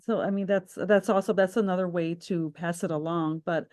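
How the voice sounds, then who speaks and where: A woman's voice: lowish voice, fairly even intonation, moderate pace, a little mellow. A woman hosting a podcast interview, talking in a reflective, rambling way with many restarts. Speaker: podcast host.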